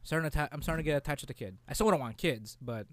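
A young man in casual, profane chat about a video game, rambling and breaking into quick character voices. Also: fairly high pitch, dry recording.

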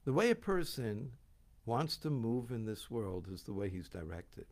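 A man delivers a sermon as a lively story, his pitch climbing and dropping all the time. His voice has a gravelly, creaky edge, and he slips into voices for the characters as he goes. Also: a little slow. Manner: animated, acts out voices in the story.

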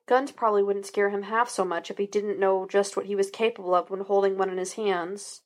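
Woman reading a fan-fiction audiobook. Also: mid-range voice. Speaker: podfic reader. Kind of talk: audiobook narration.

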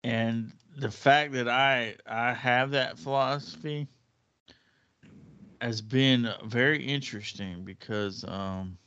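A man tells a story in a loose, rambling way, restarting his sentences as he goes. His voice sits at a middle pitch. The recording is dry and dull. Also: slow pace, bright, forceful tone, clean tone, no echo. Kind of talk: casual chat, storytelling.

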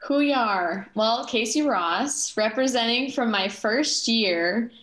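A woman's voice: a little high, takes it slowly, fairly bright tone. A woman in her twenties, a guest on a casual podcast, talking in a giggly, self-deprecating way. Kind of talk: casual chat.

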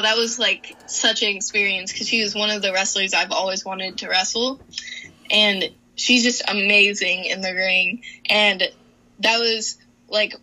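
A woman's voice: mid-range voice, bright, forceful tone, rough recording. A young woman, a wrestler, chatting casually in an interview, giggling often and filling with "like" and "um". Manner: giggly, chatty, lots of fillers.

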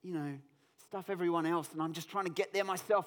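Male pastor, high-pitched, animated sermon storyteller with self-mocking humor. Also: fast talker.

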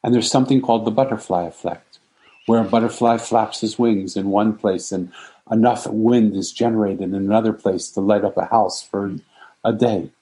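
A man's voice: on the low side, steady tone, normal speed, mellow, rough recording. A man telling an inspirational story in an earnest, emphatic way, stacking repeated phrases. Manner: earnest, repetitive, emphatic lists. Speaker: speaker.

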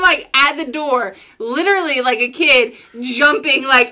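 A young adult woman, telling a story in casual chat, animated and profane, laughing through her words. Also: high voice, normal speed.

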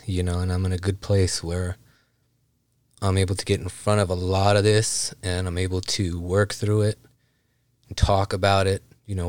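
A man with a very low voice hosts his own podcast, speaking candidly and with some strain of emotion. He rambles loosely, leaning on fillers as he talks. The sound is dry and close, with no room around it. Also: a little mellow, dry recording. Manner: candid, rambling, heartfelt, many "you know" fillers. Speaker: podcast host. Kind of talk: casual solo podcast talk.

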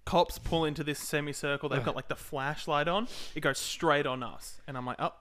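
A man's voice: a little high, fairly even intonation, a little fast, fairly bright tone. A young man with a slightly raised voice tells a long rambling story among mates. He swears casually and breaks into laughter at his own punchlines. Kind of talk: casual chat.

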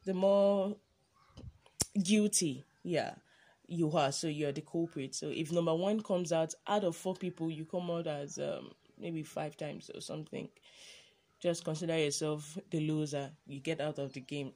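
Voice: medium pitch, steady tone, normal speed, dark tone. A podcast host, chatting casually and rambling through a monologue with many ums and self-corrections.

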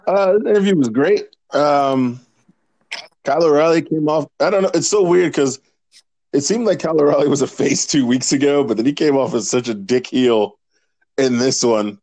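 A man's voice: a little high, moderate pace, a little mellow, dry recording. A man co-hosting a casual wrestling podcast, crude and rambling, laughing often. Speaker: podcast co-host. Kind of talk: casual profane chat about wrestling.

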